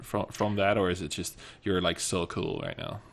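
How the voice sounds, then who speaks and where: Man, podcast host, casual chat, gravelly, low, halting restarts. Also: steady tone. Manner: joking, stammering restarts.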